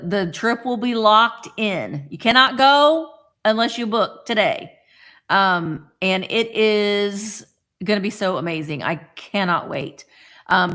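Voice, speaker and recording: Bright, lively woman hosting a sale. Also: mid-range voice. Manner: chatty, rambling, playful asides. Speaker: host of a live vintage sale. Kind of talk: casual live-stream selling chat.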